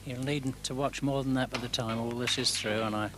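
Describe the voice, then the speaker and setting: A man's voice: mid-range voice, fairly even intonation, brisk. A man giving light, easygoing commentary on a snooker match. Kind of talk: sports commentary. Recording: hissy 1980s TV broadcast.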